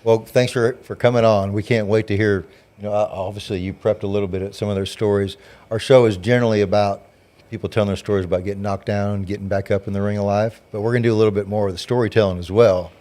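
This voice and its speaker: A man hosting a casual interview and asking relaxed questions. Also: fairly low pitch, fast. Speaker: podcast host.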